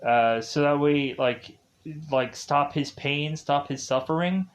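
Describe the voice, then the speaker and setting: A man putting on a hushed male AI voice on a phone call. It speaks low and quietly in easy, casual phrases, coaxing the listener toward something dark. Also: slow. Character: soft-spoken coaxing male AI caller.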